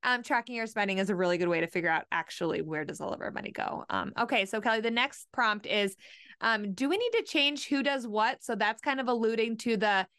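A woman's voice: fairly high pitch, lively intonation, fairly quick, fairly bright tone, clean tone, no room sound, clean studio sound. A woman hosting a radio money show in a casual chat, upbeat and explaining with little example quotes. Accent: Upper Midwest American. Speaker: radio host and money coach.

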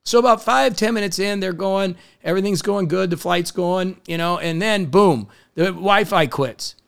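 A middle-aged man giving an energetic, enthusiastic motivational talk, telling stories and acting out the people in them. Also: high voice, moderate pace, gravelly, smooth. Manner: energetic, enthusiastic, storytelling with acted quotes. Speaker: motivational speaker.

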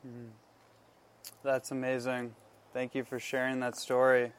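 A man hosting an interview podcast, soft-spoken, who thanks his guest and eases hesitantly into the next topic. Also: medium pitch, completely flat delivery, unhurried, clear, resonant tone. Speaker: podcast host.

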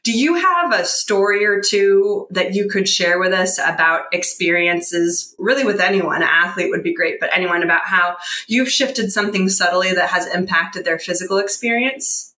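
A woman hosting a casual interview, asking enthusiastic, halting questions. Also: fairly low pitch, bright, forceful tone. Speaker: podcast host. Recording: roomy echo, faint background hiss.

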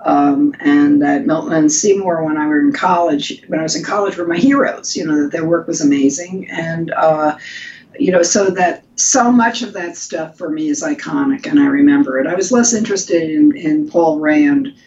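An older woman, a designer and guest on an interview podcast, telling lively stories about her career with frequent restarts. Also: moderate pace. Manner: animated storytelling with restarts. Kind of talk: conversational interview. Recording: lo-fi with faint rumble.

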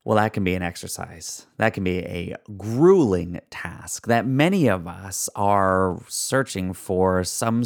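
Gravelly low-voiced man hosting a podcast. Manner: upbeat, stretches key words slowly for emphasis. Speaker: podcast host. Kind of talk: solo podcast monologue.

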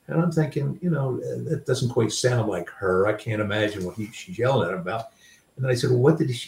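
A man's voice: medium pitch, animated, brisk, gravelly, a little mellow. An older man, a grandfather and author, telling stories from his life in a reflective, self-deprecating way with many fillers and restarts. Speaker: guest author. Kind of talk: storytelling in a conversation. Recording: roomy sound, a bit far from the mic.

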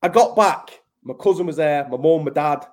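Male podcast guest, fairly high pitch, blunt and sweary, casual storytelling. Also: normal speed, darkish tone. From Manchester, England. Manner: blunt and sweary, keeps calling the host mate.

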